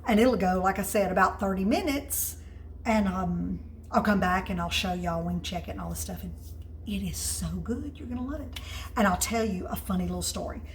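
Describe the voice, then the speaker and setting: A woman, chatting excitedly and telling stories while cooking in her home kitchen. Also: medium pitch, moderate pace, slight background noise, low-quality recording. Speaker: home cook host. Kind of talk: casual cooking video chat.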